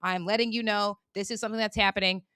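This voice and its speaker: A woman hosting her own channel, talking through a casual commentary monologue in an animated, emphatic and colloquial way. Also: medium pitch, fast talker, clean tone, no echo, studio quality. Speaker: channel host.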